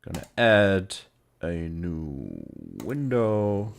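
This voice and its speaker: A man's voice: mid-range voice, big pitch swings, normal speed, a little hiss or hum. A man co-hosting a casual live stream, talking to himself playfully while working at a computer. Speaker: co-host of a tabletop wargaming stream.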